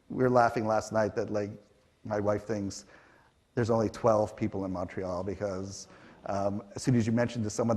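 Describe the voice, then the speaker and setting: A middle-aged man from Canada, telling stories on a conference stage with fillers and acted-out quotes. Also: fairly low pitch. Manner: animated, acts out quotes, frequent fillers. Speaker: panel guest. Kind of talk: conversational storytelling on stage.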